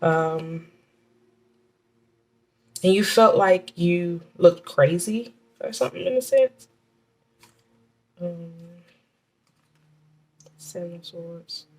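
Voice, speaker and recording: A woman's voice: lowish voice, a little mellow. Chatty woman reading tarot cards. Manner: chatty, halting, many restarts and fillers. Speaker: tarot reader.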